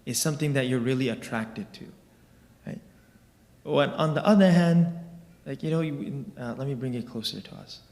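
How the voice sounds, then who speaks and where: A man leads a religious class in a relaxed, conversational way, walking listeners through everyday examples. He keeps checking in with a quick "right?" as he goes. His mid-range voice rings out with the long reverb of a large hall. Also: mid-range voice, vocal fry. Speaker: religious teacher.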